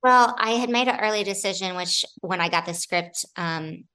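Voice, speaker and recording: Brief: woman, bright forceful tone, animated storyteller on a video call interview. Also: mid-range voice, moderate pace, clear, resonant tone, low-quality recording. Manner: animated storyteller, acts out quotes. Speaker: actor guest. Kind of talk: casual interview chat.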